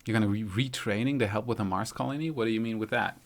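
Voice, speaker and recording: A man with a light German accent hosts a casual live stream and greets viewers by reading out their comments. His low voice has a gravelly fry, and he talks his way through each fix to his stream settings. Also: fast. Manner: thinks aloud while fiddling with stream settings; friendly, reads out viewers' comments. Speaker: YouTube channel host.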